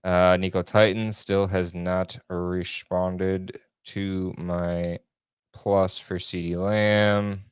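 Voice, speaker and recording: Young male podcast host, deep and smooth, dry close mic, rambling and self-correcting casual chat. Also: level tone, very slow, dry recording.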